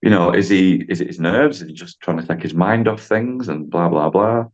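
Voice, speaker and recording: Brief: man, low voice, chatty podcast guest, slightly muffled audio. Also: moderate pace. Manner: chatty, rambling, acts out dialogue with voices. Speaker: driving instructor guest. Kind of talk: casual podcast storytelling.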